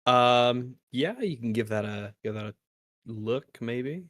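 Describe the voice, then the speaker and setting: A man's voice: medium pitch, expressive, slow, fairly bright tone. A man chatting casually on a livestream, rambling with lots of "like" and false starts. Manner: rambling, full of "like" and restarts. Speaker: co-host, tabletop player.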